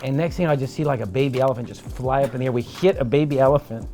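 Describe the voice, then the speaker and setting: A man's voice: medium pitch, very fast, soft background music. A man guesting on a podcast, telling a wild travel story over drinks with lots of swearing. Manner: animated, profane anecdote-telling. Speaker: podcast guest, trial lawyer.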